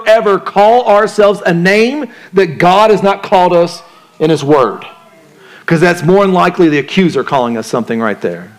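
A male pastor preaching a sermon in a conversational way, asking the congregation questions and acting out the voices in people's heads. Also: high voice. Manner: conversational preaching, asks the crowd questions, acts out inner voices.

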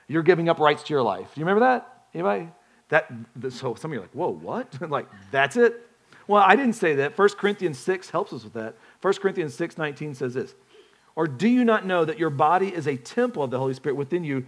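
A male pastor delivers a sermon in a loose, conversational way, with a voice that sits a little on the high side. He keeps putting questions to his listeners and often restarts his phrases as he talks. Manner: conversational, asks the congregation questions, frequent restarts.

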